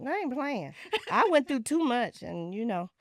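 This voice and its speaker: A woman in her sixties hosting a talk show, telling stories in an animated, preachy way with lively vernacular asides. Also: on the high side, normal speed, dry recording, clean studio sound. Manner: animated, preachy storytelling with Southern Black vernacular. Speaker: podcast host. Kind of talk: casual talk show chat.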